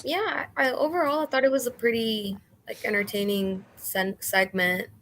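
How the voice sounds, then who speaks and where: A woman on a podcast panel, giving relaxed, hesitant opinions with fillers. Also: fairly high pitch, normal speed, slight background noise, low-quality recording. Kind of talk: casual podcast chat.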